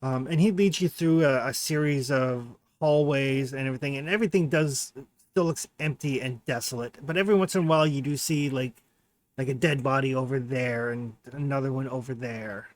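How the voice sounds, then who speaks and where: A man's voice: mid-range voice, a little fast. A man narrating as game master in a casual, rambling way with many fillers.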